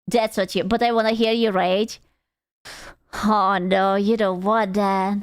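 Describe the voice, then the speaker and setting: A woman's voice: fairly high pitch, expressive, slow, smooth. A young woman streaming, giving blunt, sarcastic and profane reaction commentary on a clip.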